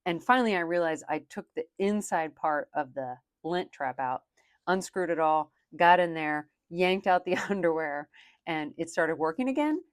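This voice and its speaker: A woman's voice: sits low, animated, normal speed, dry recording, clean studio sound. A young woman and working mom chatting casually while counting cash for her budget, rambling with lots of "like".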